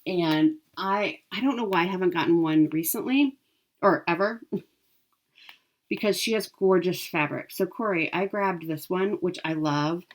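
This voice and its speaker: A woman's voice: lowish voice, measured pace. A woman vlogging about her cross-stitch haul and giveaways in a chatty, upbeat way with frequent ums. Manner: chatty, upbeat, lots of ums and self-corrections. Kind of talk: casual chat to camera.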